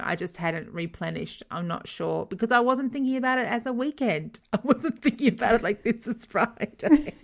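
A middle-aged woman co-hosting a casual chat, telling stories with frequent laughter and lively retold dialogue. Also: mid-range voice. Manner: chatty, laughs often, retells dialogue animatedly. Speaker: podcast co-host.

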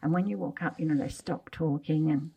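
A woman co-hosting a podcast in casual chat, animated and emphatic, often agreeing. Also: deep voice, a little fast, gravelly, slight background noise. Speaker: podcast co-host.

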